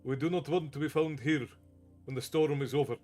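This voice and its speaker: A man's voice: fairly high pitch, a little fast, darkish tone, faint music behind, natural voice. A man voicing a cold, threatening male slaver who speaks in a harsh whisper. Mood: curt.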